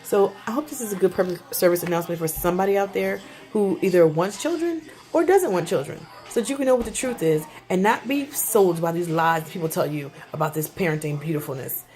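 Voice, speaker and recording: A young adult woman, a mother, ranting casually to camera about parenting, animated and exasperated. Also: quick pace, few pauses, soft background music. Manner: animated, exasperated, pitch jumps up for emphasis.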